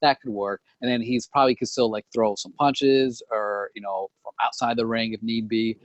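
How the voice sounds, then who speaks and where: A man co-hosting a podcast, in casual chat, giving his view in a measured, hesitant way. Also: mid-range voice, fairly even intonation, no echo. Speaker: podcast co-host.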